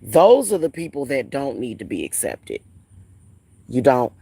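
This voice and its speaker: A woman's voice: extremely low pitch, huge pitch swings, a little slow, gravelly, warm tone, slightly rough, no room sound. A woman vlogger ranting casually at home, blunt and profane, repeating phrases for emphasis. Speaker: spiritual reader and vlogger.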